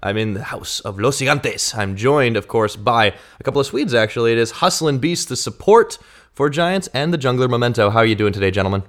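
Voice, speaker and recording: A man's voice: mid-range voice, expressive, brisk, fairly bright tone. A man hosting a podcast, interviewing guests in an upbeat, casual way. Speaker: podcast host.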